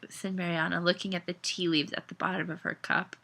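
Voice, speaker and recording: A woman's voice: fairly low pitch, level tone, fairly quick, creaky, hardly any pauses, bright, forceful tone. Tipsy, giggly woman reading her own story. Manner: giggly, loose delivery. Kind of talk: reading aloud.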